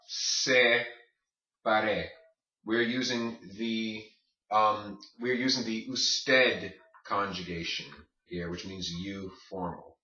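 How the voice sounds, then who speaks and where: A man's voice: mid-range voice, sharp tone. A man teaching a Spanish grammar lesson, explaining step by step and asking his class rhetorical questions. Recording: distant, roomy, muffled.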